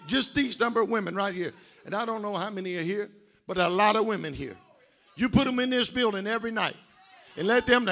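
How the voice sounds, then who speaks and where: Preacher guy, high voice, hollers and sings his sermon at the crowd. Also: gravelly. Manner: shouting, sing-song preaching with call and response. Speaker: guest preacher.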